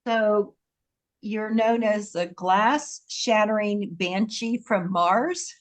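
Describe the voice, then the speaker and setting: A woman's voice: mid-range voice, steady tone, takes it slowly. A woman hosting a podcast, chatting casually and asking her guest questions. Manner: friendly, asks questions. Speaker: podcast host. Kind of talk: casual interview.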